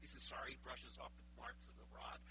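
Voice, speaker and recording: A male preacher retelling a Bible story in a sermon, casual and animated, with frank asides. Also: mid-range voice, fast. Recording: humming background noise.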